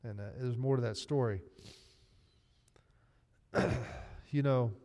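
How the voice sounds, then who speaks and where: Earnest preacher in a reverberant church. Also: male voice, mid-range voice, takes it slowly, a little mellow. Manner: earnest, emotional storytelling preacher. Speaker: pastor. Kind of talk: sermon. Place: church sanctuary. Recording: long reverb of a church hall.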